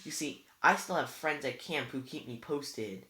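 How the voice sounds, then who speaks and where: Reader doing a scornful young man villain, smooth, taunting, raised voice, bright tone. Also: mid-range voice, lively intonation, measured pace. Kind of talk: read-aloud book character voice. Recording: roomy echo.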